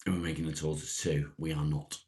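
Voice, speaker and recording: A man with an extremely low, husky voice hosts a laid-back morning live chat. He rambles unhurriedly, greets viewers by name and answers their comments as he goes. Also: level tone, fairly quick, darkish tone. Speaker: live-stream host reading viewer comments.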